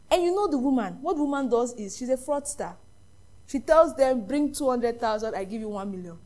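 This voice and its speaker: A woman's voice: on the high side, darkish tone. A woman with a Nigerian accent preaching a sermon, telling stories and quizzing the congregation with questions.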